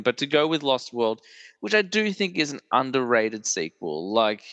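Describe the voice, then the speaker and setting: A man with a medium-pitched, expressive, slightly bright voice speaks at a moderate pace; the recording is dry yet has a long reverb tail, with the highs cut off. He hosts a film podcast, rambling casually with lots of "like" fillers and easy laughs.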